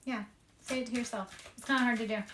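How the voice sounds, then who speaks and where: A woman's voice: fairly high pitch, steady tone, quick pace, fairly bright tone, roomy sound, slight background noise. A woman giving a live-streamed tarot reading, speaking in a repetitive, affirming, spiritually encouraging way. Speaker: tarot reader. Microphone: streaming microphone.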